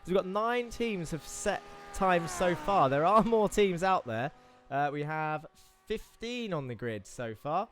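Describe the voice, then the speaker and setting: A man's voice: sits high, animated, a little slow, a little hiss or hum. Chatty male sim racing commentator. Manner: chatty, enthusiastic, talks through the track turn by turn. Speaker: race commentator.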